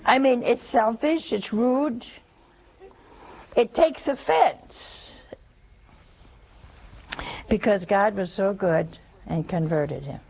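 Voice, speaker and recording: Slow, gravelly woman preaching a homily. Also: mid-range voice, a little mellow, rough recording. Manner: folksy, teasing, asks the audience questions. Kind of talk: sermon.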